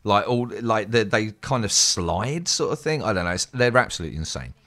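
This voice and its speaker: An English man telling a rambling, sweary story in a casual, animated way as a streamer. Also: on the low side, fairly quick. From England.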